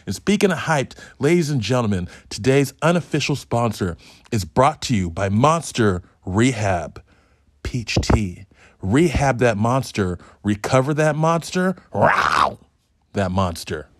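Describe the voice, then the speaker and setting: A man's voice: mid-range voice, big pitch swings, a little slow, no echo, clean studio sound. A man hosting a solo review podcast, talking in a hyped, profane, joking ramble. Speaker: podcast host.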